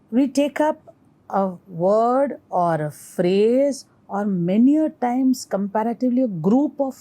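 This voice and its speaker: Indian woman lecturing in a mellow voice. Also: a little high. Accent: Indian English. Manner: explanatory, reciting rhythm syllables aloud. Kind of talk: recorded lecture.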